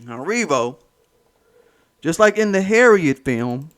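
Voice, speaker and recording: A man's voice: a little high, very animated, slow, a bit bright. A man hosting his own commentary channel, ranting in a heated, mocking, profane way and repeating points for emphasis.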